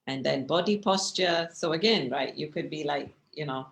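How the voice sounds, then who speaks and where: A woman's voice: low voice, normal speed, vocal fry. A woman teaching a communication class over a video call, talking conversationally and often checking in with the listeners. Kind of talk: online lecture with slides.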